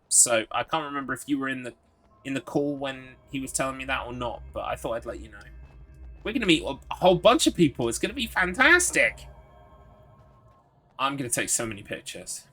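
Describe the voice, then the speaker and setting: A man hosting a live game stream, talking to his chat in a friendly, upbeat flow and laughing often. His voice sits in the middle range for a man, with a bright, forward tone. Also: mid-range voice, expressive, brisk, faint music behind.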